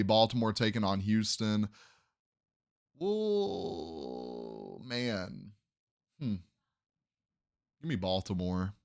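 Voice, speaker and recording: A man's voice: on the low side, no room sound, clean studio sound. A young man hosting a sports podcast, casually running through game predictions and thinking aloud as he second-guesses his picks.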